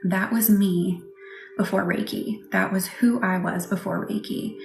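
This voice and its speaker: Soft-spoken woman in an echoey room. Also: medium pitch, steady tone, unhurried, creaky, faint music behind. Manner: soft, reassuring, often drops to a whisper. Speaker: Reiki practitioner hosting a live session. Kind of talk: livestream chat with viewers. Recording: echoey room with faint background noise.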